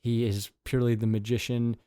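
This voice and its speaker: Man, rambling jokey talk, average pitch, dry close mic. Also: level tone, fairly quick, warm tone, smooth, dry recording. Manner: rambling, jokey, full of fillers. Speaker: podcast co-host. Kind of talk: casual chat.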